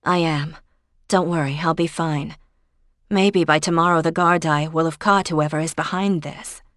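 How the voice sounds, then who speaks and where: A woman narrator puts on a blunt young woman, shaken and exasperated, snapping back in sharp retorts. The voice sits fairly low and dry, close to the mic. It is a scene from a storybook read aloud. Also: fairly even intonation, normal speed, no room sound, close to an everyday voice. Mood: tired.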